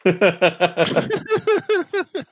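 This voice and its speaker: A man's voice: extremely high pitch, huge pitch swings, drawn-out words. A man playing in a tabletop role-playing game, joking and stammering over his words. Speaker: player.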